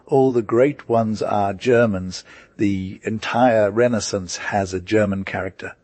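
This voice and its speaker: A man reading as an agitated admirer of all things German, insistent and excitable, with a low, husky voice. He is a figure in a spoken story, heard close and dry. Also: unhurried, no echo.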